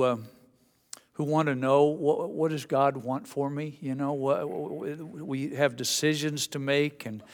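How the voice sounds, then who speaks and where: A man's voice: fairly high pitch, in a large hall. A middle-aged male pastor giving a sermon in a church, conversational and self-deprecating, often restarting his sentences. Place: church sanctuary. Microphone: amplified microphone.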